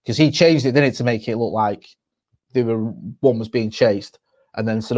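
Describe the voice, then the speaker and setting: A man's voice: mid-range voice, normal speed, a little mellow. A man co-hosting a podcast in casual chat, telling stories with plenty of swearing. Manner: chatty storyteller, laughs and swears. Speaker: podcast co-host.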